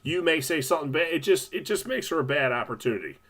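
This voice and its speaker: A man's voice: a little high, lively intonation, fast, fairly bright tone. A man co-hosting a hockey referee talk show, giving direct, practical advice in a casual chat. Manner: direct, practical, matter-of-fact. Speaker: podcast co-host, hockey referee.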